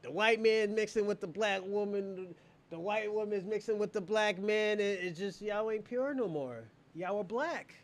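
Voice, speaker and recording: Male livestream host with a high voice; taunting banter with chat, crude and laughing. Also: moderate pace. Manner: mocking and taunting, laughs often, heavy profanity. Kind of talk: casual livestream banter with viewers.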